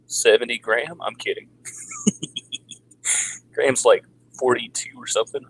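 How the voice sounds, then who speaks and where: A man in his forties ranting in a casual livestream, crude and sarcastic, now and then mocking people in a high put-on voice. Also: steady tone, unhurried, long pauses, a bit bright, rough recording. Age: 40s. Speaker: vlogger. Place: home in the Philippines.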